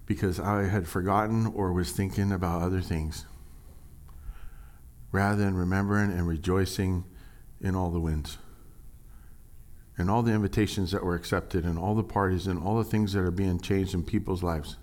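A man preaching a sermon, animated and jokey, swinging from quiet asides to loud, high exclamations. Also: moderate pace. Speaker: pastor.

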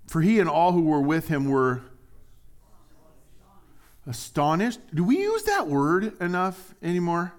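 Man, pastor, jokey sermon, lively swooping voice, slightly high. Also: a little slow, pauses often. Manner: animated, jokey, acts out little dialogues in put-on voices.

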